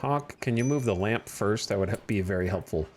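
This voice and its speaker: A man's voice: on the low side, a little fast, a little mellow, a little hiss or hum. A man streaming a game, chatting casually and thinking aloud about his next moves. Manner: thinks aloud while playing, chatty and easygoing. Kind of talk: casual gameplay commentary.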